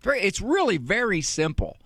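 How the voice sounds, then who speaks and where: A man hosting a call-in advice radio show, teaching in a deliberate way and firing off rhetorical questions. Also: high voice, very animated, creaky, fairly bright tone, no echo, clean studio sound.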